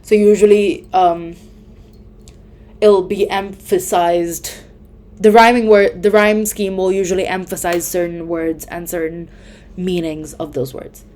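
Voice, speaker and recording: A woman's voice: fairly low pitch, flat delivery, unhurried, a little mellow, slight background noise. A young woman giving casual exam tips, chatty and full of fillers, often correcting herself mid-sentence. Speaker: student tutor.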